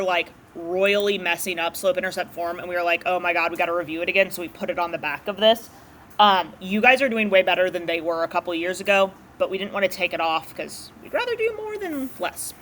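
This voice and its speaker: A woman's voice: mid-range voice, a bit bright, slight background noise. A woman teaching a math class, explaining graphing in a casual, chatty way to her students in a classroom. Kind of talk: classroom lecture.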